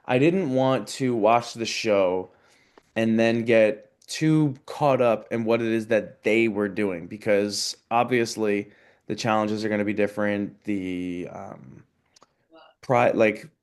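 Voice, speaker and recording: A man's voice: fairly low pitch, steady tone, a little slow, a little mellow, clear, resonant tone. A young man, a guest in a casual interview, talking earnestly about his experience and working through his thoughts as he goes. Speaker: interview guest, competition show contestant.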